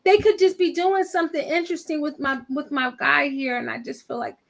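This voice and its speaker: A woman speaking as a panelist in a casual TV review discussion, with an expressive, playful manner. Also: high-pitched, gravelly. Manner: expressive, playful, drawn-out asides.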